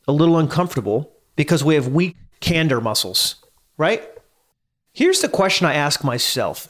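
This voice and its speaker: Man reflecting aloud, fairly high voice. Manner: conversational, asks listeners questions, repeats for emphasis. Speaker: podcast host. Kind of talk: reflective solo talk.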